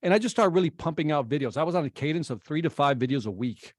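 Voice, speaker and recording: Lively storytelling man, dry sound. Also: fairly high pitch, quick pace, dry recording. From Chicago, United States. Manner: energetic storyteller, acts out quoted exchanges. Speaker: guest speaker. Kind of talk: animated storytelling interview.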